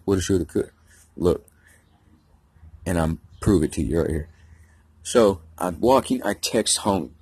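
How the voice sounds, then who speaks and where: A man's voice: low-pitched, darkish tone, slightly rough, no echo. A man from Georgia, rambling through a casual, profane story. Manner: rambling, heavy profanity, slangy.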